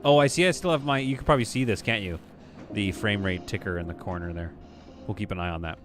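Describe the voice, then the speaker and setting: A man's voice: lowish voice, fast talker. A man hosting a casual live stream, chatting as he plays and reading viewers' messages aloud. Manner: chatty, muses aloud, reads chat. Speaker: streamer host.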